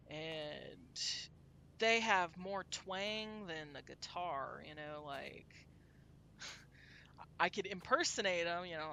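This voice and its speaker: A woman's voice: fairly low pitch, animated, takes it slowly, pauses often, bright, forceful tone, a little hiss or hum. A woman from Texas, chatting casually to her viewers while she plays a game, rambling and laughing often. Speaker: game streamer.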